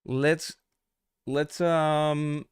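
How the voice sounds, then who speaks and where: A man's voice: on the high side, flat delivery, drawn-out words, clear, resonant tone, no room sound. Profane casual male trading coach, dry sound. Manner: casual, profane, talks straight to chat. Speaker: trading coach streaming live. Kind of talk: unscripted live stream teaching.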